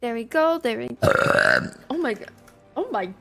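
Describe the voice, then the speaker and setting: A woman's voice: on the high side, expressive, normal speed, creaky, soft background music. A young woman talking casually in short clips, often exclaiming and excusing herself.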